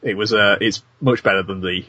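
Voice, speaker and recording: A man's voice: lowish voice, fairly even intonation, brisk, sharp tone, a little hiss or hum. A man hosting a podcast in casual chat, dry and wry, hesitating with plenty of ums and uhs. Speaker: podcast host.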